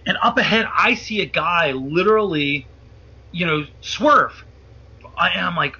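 Man guest, husky voice, high and strained; animated, profane storyteller who acts out quotes. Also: normal speed. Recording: muffled lo-fi audio.

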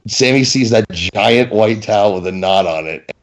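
A man in casual chat about wrestling, profane and animated, slipping into mock-indignant banter. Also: fairly low pitch, moderate pace.

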